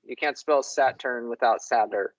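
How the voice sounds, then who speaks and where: A man's voice: medium pitch, normal speed. A man co-hosting a casual language discussion, musing and repeating words aloud to try them out. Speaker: co-host. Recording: dull lo-fi dry recording.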